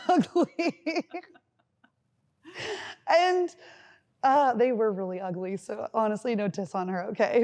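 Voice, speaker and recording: A young woman with a slightly high voice, co-hosting a casual podcast. She rambles through childhood stories and giggles often. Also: darkish tone. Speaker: podcast co-host. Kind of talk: casual chat.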